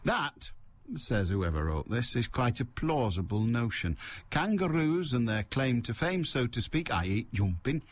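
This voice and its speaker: Older male phone-in host; dry, self-deprecating, digressive delivery with a lively pitch. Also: a little slow. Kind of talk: rambling solo radio chat. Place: radio studio. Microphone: studio mic.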